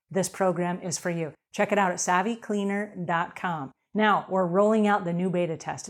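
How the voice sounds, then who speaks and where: A middle-aged woman with a slightly low voice hosts an advice show with lots of energy. She talks emphatically and keeps acting out little snippets of dialogue to make her points. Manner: upbeat, emphatic, acts out quotes. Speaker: host answering cleaning questions.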